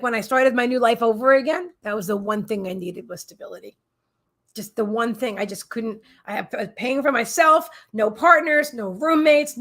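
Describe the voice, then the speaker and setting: A woman with a high voice hosts a psychic livestream from her own apartment. She talks in a candid, heartfelt way, wandering off and restarting her sentences as she goes. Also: a bit bright. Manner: rambling, many restarts and fillers. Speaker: psychic host. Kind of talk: casual livestream chat.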